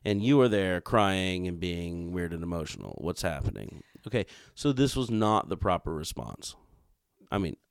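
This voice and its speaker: A man in his thirties tells a rambling story on a podcast, full of swearing and asides. His voice sits very low and has a gravelly edge. The sound is dry and close. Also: big pitch swings, normal speed, no room sound. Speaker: podcast co-host. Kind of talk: casual chat.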